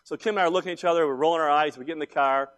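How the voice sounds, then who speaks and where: High-voiced preaching man, animated storyteller. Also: very fast. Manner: animated, emphatic, swings from quiet asides to loud outbursts. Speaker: pastor. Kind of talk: sermon with personal storytelling.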